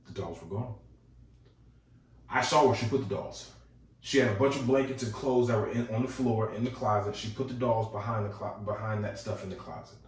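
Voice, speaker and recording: A man hosting a podcast, telling a ghost story in a casual, animated way and chuckling as he goes. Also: on the low side, fairly quick. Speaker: podcast host. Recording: echoey room, distant mic.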